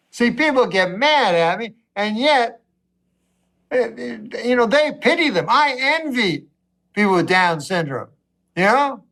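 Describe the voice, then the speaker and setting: A man doing a rambling, wry stand-up routine, swinging between low mutters and a raised voice. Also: very animated, measured pace, sharp tone. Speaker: stand-up comedian.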